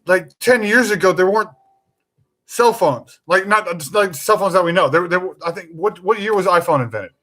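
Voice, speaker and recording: A man's voice: high voice, moderate pace, fairly bright tone. Rambling, joking man hosting a casual chat. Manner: rambling, emphatic, jokey with mild swearing. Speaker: podcast host. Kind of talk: casual live-stream chat.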